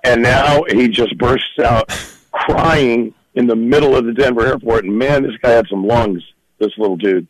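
A film director being interviewed, telling stories in a lively, animated way and laughing often. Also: male voice, mid-range voice, normal speed, a loud crowd, poor audio. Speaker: film director and writer, guest. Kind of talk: storytelling in a podcast interview.

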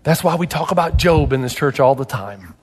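A male pastor preaching a sermon, animated and emphatic, firing rhetorical questions at the congregation. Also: mid-range voice, a little fast, breathy edge, long reverb tail. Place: church.

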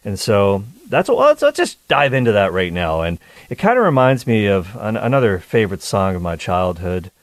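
A man's voice: fairly low pitch, big pitch swings, moderate pace, hardly any pauses, dry recording. A man hosting a call-in radio talk show, chatty and joking with his listeners. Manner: chatty, jokey, upbeat.

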